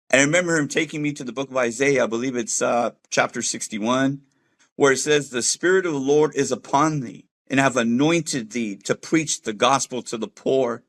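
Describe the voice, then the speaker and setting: A man's voice: medium pitch, steady tone, moderate pace, a bit bright. A man giving an earnest, heartfelt personal faith testimony about leaving gang life, speaking casually with street slang. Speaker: former gang member sharing a faith testimony.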